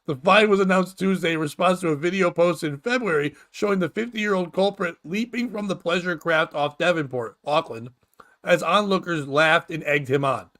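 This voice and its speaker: A man hosting a comedy podcast, reading news stories aloud and ranting about them in a profane, animated way, laughing at his own jokes. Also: on the high side, normal speed.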